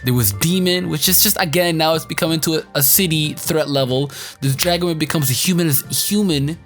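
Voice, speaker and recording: A man giving a casual spoken anime review in an excitable, slangy, rambling way. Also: fairly high pitch, a little fast, soft background music.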